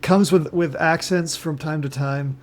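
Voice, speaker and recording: A man improvising a wealthy, naive, self-absorbed male climber, delivered deadpan in his own voice. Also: a little high, unhurried, lightly acted. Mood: earnest. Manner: deadpan, earnestly self-important. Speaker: podcast co-host. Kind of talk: improvised comedy sketch.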